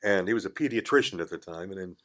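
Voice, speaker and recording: An older man, appearing as a guest in a radio studio, tells a casual story with plenty of energy and acts out the voices of the people involved. His voice is low-pitched and he talks fast.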